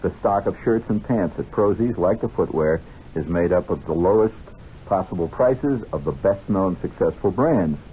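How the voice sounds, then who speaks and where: A very deep-voiced man hosts a radio show, wandering through the ads with wry, joking asides. The vintage broadcast sounds dull and muffled, with a faint hiss underneath. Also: animated, normal speed. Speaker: radio host reading commercials. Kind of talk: casual radio monologue.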